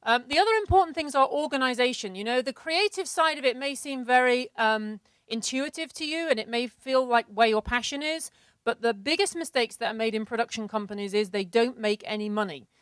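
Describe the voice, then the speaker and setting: A middle-aged woman walks a seminar audience through practical business advice in a brisk, organized, businesslike way. Her voice is smooth and resonant and sits a little high. The sound is dry. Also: fairly bright tone, dry recording. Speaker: seminar co-presenter. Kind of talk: instructive business presentation.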